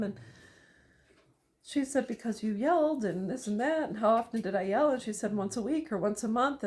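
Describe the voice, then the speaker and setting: Speaking in a darkish, fairly high voice, this middle-aged parent vlogger tells a personal story in a monologue. She gives other parents emphatic advice and deliberately lists things out as she goes.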